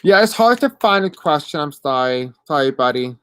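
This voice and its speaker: Live-stream reader, deaf accent, halting and apologetic, smooth clear tone, dry close sound. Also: medium pitch, expressive, fairly bright tone, no room sound. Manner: halting and apologetic, many fillers. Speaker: host giving live spiritual readings. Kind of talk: live-stream reading, answering chat questions.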